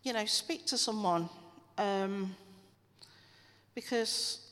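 Woman, chatty lay church talk and prayer, mid pitch, long hall reverb. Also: takes it slowly, fairly bright tone. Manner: chatty, earnest, encouraging with asides. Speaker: church speaker.

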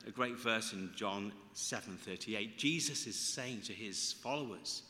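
A man preaching with a forceful, ringing delivery, earnest and emphatic as he stops and restarts his phrases. His voice carries a long reverb from a large, echoey room. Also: fairly low pitch, unhurried. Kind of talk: sermon.

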